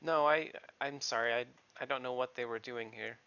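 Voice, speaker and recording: A man voicing a hesitant young woman who keeps the stables, speaking in a halting, stammering, apologetic way. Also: mid-range voice, fairly even intonation, gravelly, pushed and bright, clean tone, lo-fi sound.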